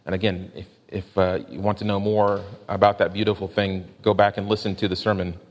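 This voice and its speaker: A man's voice: low voice, little pitch movement, highs cut off. Man preaching in a reverberant hall. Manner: measured, slows down to stress questions and quotes. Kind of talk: sermon.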